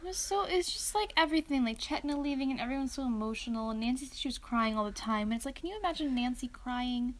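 Brief: chatty podcast co-host, woman, slightly high voice, loose filler-heavy delivery. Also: lively intonation, fast talker, few pauses. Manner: chatty, fills with "like" and "um". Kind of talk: casual chat.

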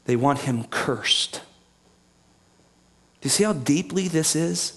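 High-voiced man preaching a sermon. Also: lively intonation, a little slow. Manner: reads scripture aloud then explains it, asking the listeners questions. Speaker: pastor.

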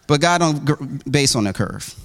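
High-voiced man preaching a sermon. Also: animated, moderate pace, gravelly, a bit bright. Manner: conversational preaching with many restarts and asides; acts out quoted voices with big pitch jumps. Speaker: pastor.

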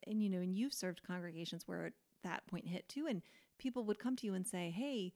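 A woman's voice: on the low side, fairly quick, a little mellow. Earnest woman pastor chatting candidly. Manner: earnest, candid, many fillers like "like" and "you know". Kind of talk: casual podcast conversation.

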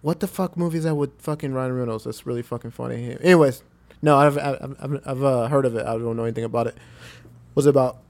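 A man's voice: mid-range voice, fairly even intonation, fast, darkish tone. A man co-hosting a podcast, hesitating with many fillers and swearing heavily as he answers. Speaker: podcast co-host. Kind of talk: casual podcast banter.

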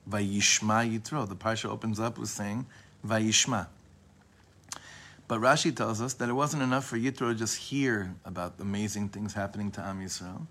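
A man giving an informal Torah class to a live group, talking in a discursive way, often breaking off and restarting his sentences, and slowing down to repeat key phrases. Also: on the low side, steady tone, fairly bright tone. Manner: leans on a phrase by repeating it slowly. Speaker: Torah teacher.

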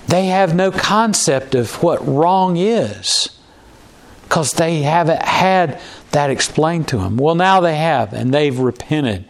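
A man preaching a conversational sermon, restarting words often and acting out quoted lines. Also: on the high side.

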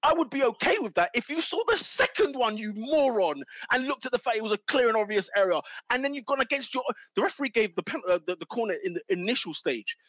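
High-pitched ranting man, fast. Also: expressive, a bit bright, no room sound. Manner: ranting, exasperated, repeats himself. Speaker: football pundit. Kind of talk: heated football argument.

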